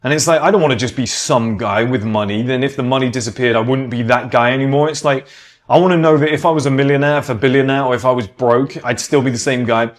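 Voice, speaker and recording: This British podcast host has a mid-range voice and talks quickly in a casual, opinionated monologue. He speaks with emphasis, swears freely, and acts out the people he quotes.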